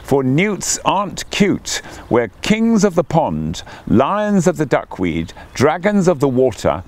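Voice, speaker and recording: A man's voice: on the high side, wildly swooping pitch, slow pace, a little mellow, voice pushed up, heavily acted. A man voicing a proud, indignant male newt who declaims in rhyme in a raised voice.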